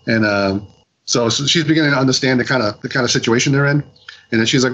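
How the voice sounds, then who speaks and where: A man's voice: mid-range voice, quick pace, a bit bright, slight background noise, low-quality recording. Rambling man retelling a comic plot. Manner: rambling retelling with many fillers and restarts. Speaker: podcast co-host reviewing comics. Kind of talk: casual podcast chat.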